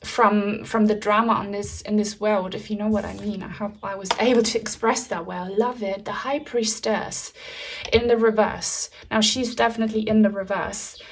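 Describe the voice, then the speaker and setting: A woman's voice: mid-range voice, fairly even intonation, moderate pace, a little hiss or hum. A woman giving a pick-a-card tarot reading in a soothing, reassuring spiritual tone. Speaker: tarot reader.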